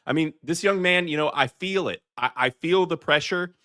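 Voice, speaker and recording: A man's voice: a little high, moderate pace, bright, forceful tone, no echo, clean studio sound. A man with a Southern accent hosting a live podcast, chatting loosely through clips with lots of fillers and restarts. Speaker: podcast host. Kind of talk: live commentary reacting to clips for chat.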